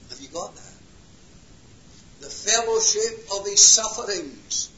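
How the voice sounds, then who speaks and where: Man preaching a sermon, high bright voice, impassioned, hushed to loud, roomy lo-fi hall recording. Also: big pitch swings, slow, long pauses, slight background noise.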